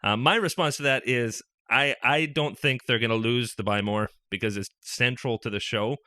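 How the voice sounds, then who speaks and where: A man's voice: mid-range voice, moderate pace, bright, forceful tone, no room sound, studio quality. A man hosting a fan podcast, chatting thoughtfully about a TV show with some hesitant restarts. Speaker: podcast host. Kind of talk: casual fan podcast chat.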